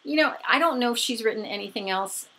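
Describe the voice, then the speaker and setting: A woman's voice: a little high, animated, fast talker, a bit bright. A woman chatting casually and gushingly as a book vlogger showing off her new books. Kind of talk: casual book haul chat.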